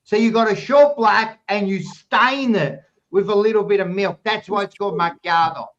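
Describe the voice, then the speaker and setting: High-voiced Australian man ranting and swearing. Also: normal speed, fairly bright tone. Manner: heated ranting, heavy swearing. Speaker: podcast co-host. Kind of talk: casual panel chat. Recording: dull lo-fi recording.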